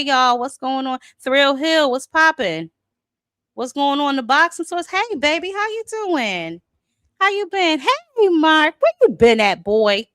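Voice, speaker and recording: A chatty woman hosts a relaxed boxing livestream, greeting her viewers one by one. Her pitch swings widely and her voice sounds close and dry, with no room echo. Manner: chatty, greets viewers by name, talks to chat. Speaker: boxing channel host. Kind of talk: casual livestream chat.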